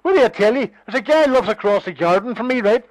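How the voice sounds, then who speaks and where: A man's voice: very high voice, lively intonation, fast, no room sound, poor audio. A man in a heated phone argument, scornful, combative and swearing freely. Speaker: phone call participant.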